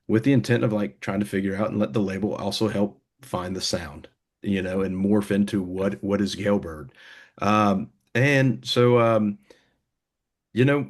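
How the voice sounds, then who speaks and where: A young man, a band member, talking casually in an interview, rambling with many fillers and restarts. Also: lowish voice. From United States.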